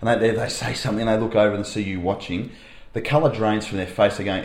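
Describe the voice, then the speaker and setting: A young Australian man who teaches primary school tells a rambling anecdote on a chat podcast, speaking very fast in a lowish voice. He's animated and uses lots of fillers, and the recording is reverberant.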